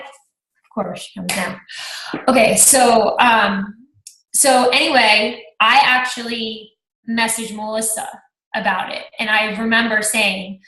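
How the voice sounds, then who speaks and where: A woman's voice: a little high, fairly even intonation, slow pace, bright, forceful tone, roomy sound, low-quality recording. A woman in her thirties telling her own story on a group call, chatty, acting out her own past thoughts. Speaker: team coach sharing her story. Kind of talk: personal testimonial on a group call.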